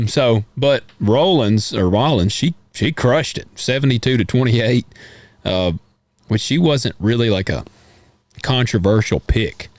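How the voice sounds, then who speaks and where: An American man co-hosting a podcast, chatting casually about politics in a rambling, folksy, animated way. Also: mid-range voice, unhurried, no echo. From United States. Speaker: podcast co-host.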